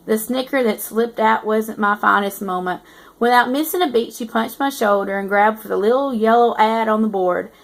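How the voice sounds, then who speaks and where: A woman's voice: fairly high pitch, normal speed, natural voice. A woman reading aloud as a teasing eighteen-year-old male student narrating his story. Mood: amused. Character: cocky teasing young male college narrator.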